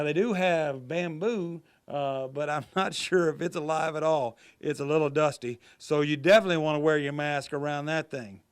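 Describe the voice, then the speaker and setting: A man's voice: fairly high pitch, smooth. A man, a comedian hosting a live stream in a casual, jokey way. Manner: jokey, folksy. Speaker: comedian and host.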